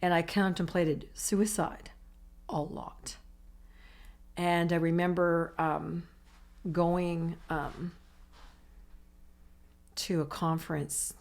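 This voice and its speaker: A woman speaks as an interview guest, recounting her recovery in long, tumbling sentences. Her voice sits a little low for a woman. She strings her thoughts together with constant asides and quoted reactions. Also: little pitch movement, very slow, pauses often, darkish tone. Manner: emotional, run-on storytelling with many "I'm like" asides. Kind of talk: personal recovery story in conversation.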